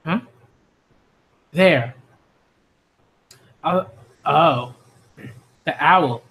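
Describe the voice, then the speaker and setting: Male manga reviewer, slightly high voice, reads panels aloud and cheers loudly during a live reaction. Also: very slow. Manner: excitable, reads panels aloud, shifts between cheering and hushed reading.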